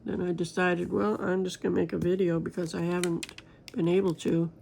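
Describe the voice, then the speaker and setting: A woman in a relaxed crafting vlog, rambling through everyday stories and asking her viewers questions. Her voice is gravelly and stays fairly flat in pitch. A faint hum of noise sits under the talk. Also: a little fast. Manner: rambling, chatty, talks straight to viewers. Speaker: crafting vlogger. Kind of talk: casual chat while diamond painting.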